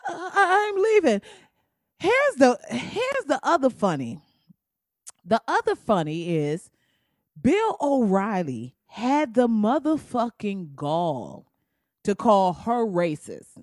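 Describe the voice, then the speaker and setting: A woman's voice: medium pitch, wildly swooping pitch, takes it slowly, darkish tone, no echo, studio quality. A woman commentator delivering a blunt, profane comedic rant, slipping into mocking voices.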